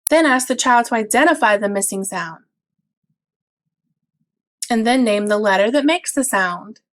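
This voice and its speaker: Brief: woman teacher, slightly high voice, unhurried, patient explainer for a parents' lesson video. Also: animated, a bit bright. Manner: slow, clear, patient explaining with drawn-out example words. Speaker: early childhood teacher.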